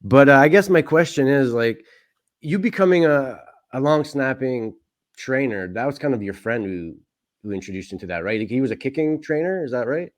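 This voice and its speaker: A man's voice: medium pitch, expressive, normal speed. A man hosting a podcast, asking questions in an easygoing, casual way and laughing easily. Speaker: podcast host. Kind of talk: casual interview chat.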